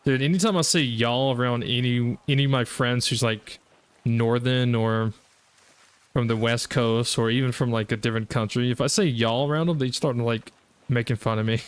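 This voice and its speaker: Rambling Southern US gaming streamer. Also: male voice, mid-range voice, fairly even intonation, normal speed, clear, resonant tone. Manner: rambling, chatty, talks straight to viewers. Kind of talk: casual livestream commentary.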